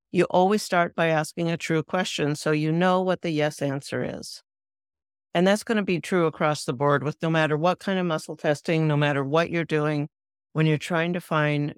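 A woman hosting a spiritual podcast, explaining a practice in a calm, deliberate way and slowing down on key words. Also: low voice, no room sound, studio quality. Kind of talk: instructional spiritual talk.

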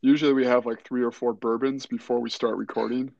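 A man's voice: medium pitch, fast, creaky, dry recording. Joking podcast host man, dull sound. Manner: relaxed, joking outro and banter. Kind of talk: casual podcast chat.

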